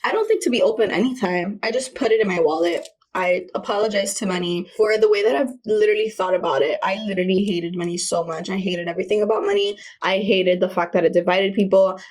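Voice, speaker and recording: A woman vlogging in a casual, candid way, telling personal stories with slang and filler words as she rambles on. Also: mid-range voice. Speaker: self-help vlogger.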